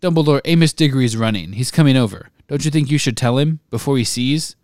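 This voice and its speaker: A man reading aloud and voicing a panicked older male official who speaks loudly. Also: medium pitch, fast talker, no room sound, clean studio sound, pitched above the performer's own voice, lightly acted. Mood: alarmed. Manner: loud, alarmed exclamations.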